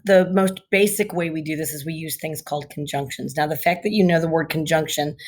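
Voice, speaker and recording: A woman teaches a recorded grammar lesson, explaining step by step and reading example sentences aloud without hurrying. Her low voice has a breathy, husky edge and a slightly mellow quality.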